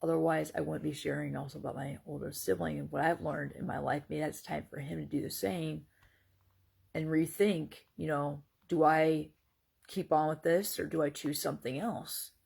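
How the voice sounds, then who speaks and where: A woman's voice: deep voice, steady tone, normal speed, gravelly, darkish tone, breathy edge. A woman talking earnestly and hesitantly in a casual personal monologue, full of fillers and restarts. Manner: hesitant, rambling, many fillers; faith-centered, earnest. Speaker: vlogger sharing personal reflections.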